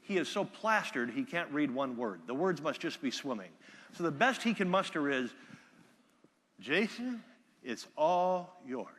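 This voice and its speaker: A man giving a live keynote speech from a conference stage, telling stories with energy and loud bursts when he quotes people. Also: fairly high pitch, sing-song, normal speed, in a large hall. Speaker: keynote speaker. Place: large conference hall.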